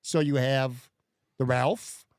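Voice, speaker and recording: Relaxed male podcast host, dry sound. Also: medium pitch, takes it slowly, clear, resonant tone, dry recording. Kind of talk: casual chat.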